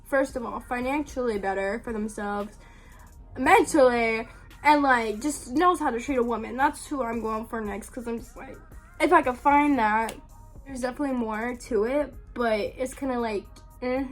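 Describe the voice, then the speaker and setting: A young woman with a high, light voice tells a story straight to her viewers. She talks loosely and casually, sprinkling in "like" and "um" and laughing as she goes. Her tone stays relaxed and conversational throughout. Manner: chatty, full of "like" and "um", laughs often. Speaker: vlogger telling a story.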